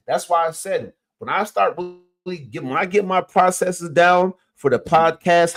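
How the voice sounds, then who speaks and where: A man, a coach and host giving an emphatic, casual motivational talk. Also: fairly high pitch. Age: 50s. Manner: energetic, emphatic, punchy interjections.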